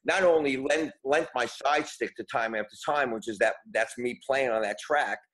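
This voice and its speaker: A man's voice: medium pitch, moderate pace, a bit bright, rough recording. A man in his sixties, a musician guest in an interview, telling a long, rambling story and often repeating words.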